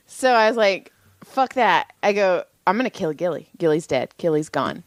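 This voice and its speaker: A woman's voice: on the low side, very animated, moderate pace, no room sound. A woman co-hosting a podcast, chatting bluntly with profane, teasing banter. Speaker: podcast co-host. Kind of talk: casual chat.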